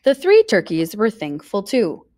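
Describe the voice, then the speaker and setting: Lively woman reading a storybook aloud. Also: medium pitch, measured pace. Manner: lively, expressive reading with voices.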